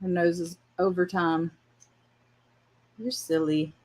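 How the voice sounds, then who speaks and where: A woman's voice: fairly low pitch, fairly even intonation, slow pace, breathy edge. A woman hosting a casual livestream drawing lesson, chatting while she draws and laughing often. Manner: chatty and warm-hearted, laughs often, chats to her dog while drawing. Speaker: art class host.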